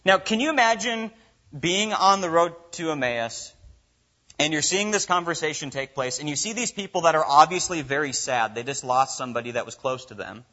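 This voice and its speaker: Man preacher, casual sermon delivery, slightly raised pitch, dull lo-fi sound. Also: expressive, moderate pace, sharp tone. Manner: conversational, uses many fillers like "like" and "kinda".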